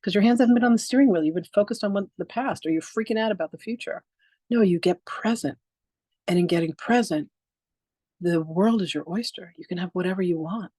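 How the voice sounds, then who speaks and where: A woman's voice: on the low side, brisk, mellow, husky, no echo. A woman in her sixties teaching a live online masterclass on spiritual practice. She tells stories with animation, acts out quoted exchanges, and speaks frankly and emphatically, sometimes swearing. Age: 60s.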